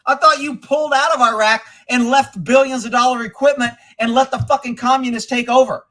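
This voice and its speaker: A man hosting a livestream of angry political commentary, profane and mocking, bursting into shouts and laughing in disbelief at clips. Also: extremely high pitch, steady tone, brisk. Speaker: livestream host.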